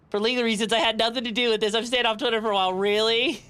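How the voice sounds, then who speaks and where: This young woman's voice sits on the high side, clear and resonant, and she talks rapid-fire with hardly any pauses. As a VTuber on a casual stream, she giggles a lot and animatedly reads and responds to her chat.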